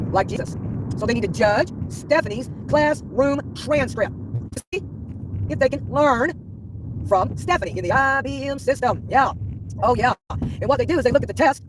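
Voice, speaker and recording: A woman's voice: a little high, background noise. A woman livestreaming a rambling, combative sermon, jumping between scripture and grievances.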